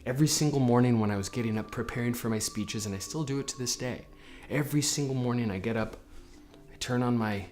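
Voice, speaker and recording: A man giving a motivational lesson on public speaking, energetic and often repeating his words. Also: mid-range voice, fast talker, a little hiss or hum. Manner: energetic, repeats words, acts out chanted affirmations. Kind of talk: motivational talk to camera.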